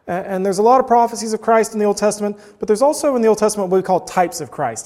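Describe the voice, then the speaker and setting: A man in his thirties preaches with a fairly high voice, easing into his sermon through a relaxed, chatty story. His words ring out with a long reverb, as in a church sanctuary. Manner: conversational storytelling, unhurried. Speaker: pastor.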